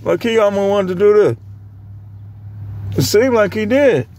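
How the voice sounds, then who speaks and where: A young man casually telling work stories to the camera, animated and full of voice impressions. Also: sits high, unhurried, a little hiss or hum. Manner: animated, imitates other people's voices mid-story. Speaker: vlogger. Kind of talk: casual storytelling.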